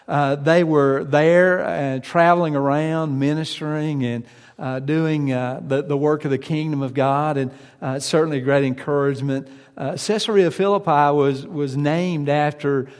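A man's voice: on the high side, darkish tone, in a large hall. A male pastor preaching a sermon. He hesitates often with fillers, then builds to emphatic points.

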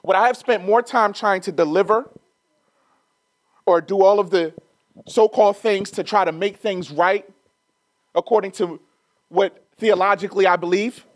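A man's voice: high voice, normal speed, pauses often, dry recording. A middle-aged man preaching a sermon, telling a personal story casually and then building to emphatic, rising preaching.

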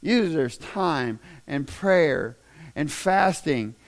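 A male pastor delivering a sermon as a humorous, conversational story that builds into loud, emphatic stretches. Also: fairly high pitch, animated, takes it slowly.

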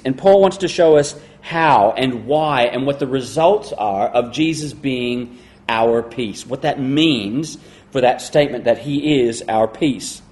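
A middle-aged male pastor preaching a sermon, emphatic, slowing and dropping to a hush on key words. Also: medium pitch.

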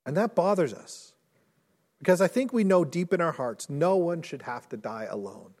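A male pastor preaching a sermon in earnest, rising to intense storytelling and dropping low and soft. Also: expressive, moderate pace. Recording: long hall reverb.

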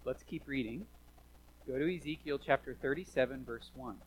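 A man preaching a sermon as pastor, animated, swinging from hushed asides to loud emphatic lines, in a church. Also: mid-range voice, moderate pace, husky, low-quality recording.

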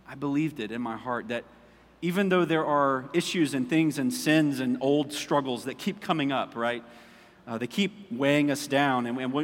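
A man preaching a sermon, moving between impassioned calls and soft storytelling and prayer. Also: mid-range voice, long reverb tail. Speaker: pastor. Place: church sanctuary.

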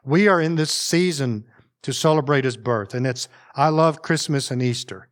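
Man, middle-aged, family pastor, sermon, folksy, conversational, asides to the congregation, medium pitch. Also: moderate pace.

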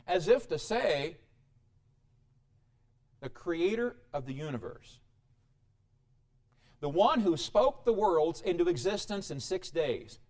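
Animated high-voiced male preacher. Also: a little slow, long pauses. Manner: dramatic preaching with sudden rises and quiet drops. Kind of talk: sermon.

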